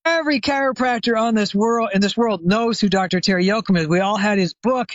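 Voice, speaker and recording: A man's voice: high-pitched, fairly quick, no echo, dull audio. An older man, a retired chiropractor, telling a long anecdote as a guest expert in an interview, with many fillers and restarts. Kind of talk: conversational storytelling interview.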